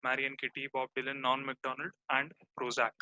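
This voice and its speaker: Bright-voiced man hosting a podcast. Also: mid-range voice, quick pace, lo-fi sound. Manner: relaxed, reads out a list. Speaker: podcast host. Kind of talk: casual chat.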